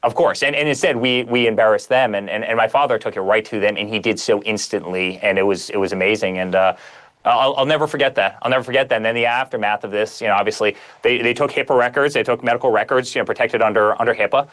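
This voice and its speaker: A man's voice: lowish voice, fairly even intonation, fast, few pauses, fairly bright tone. A man speaking as a guest author in a conversational interview, emphatic and piling up repeated phrases.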